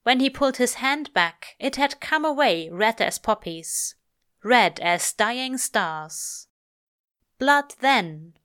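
A woman reading fiction aloud in a measured, lyrical way. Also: a little high, fairly bright tone. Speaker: reader. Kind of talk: audiobook-style fiction reading.

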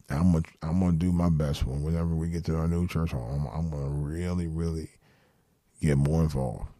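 A man's voice: a bass voice, fairly even intonation, brisk, dark tone, no echo, clean studio sound. A man in his fifties hosting a live late-night call-in show, talking earnestly and bluntly, repeating himself and swearing now and then. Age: 50s.

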